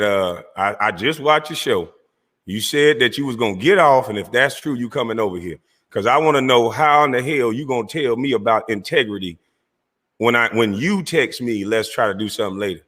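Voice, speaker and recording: Confrontational male streamer host, mocking tone, bright forceful voice. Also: mid-range voice, expressive, moderate pace, big-room sound. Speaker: online show host. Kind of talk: heated livestream rant.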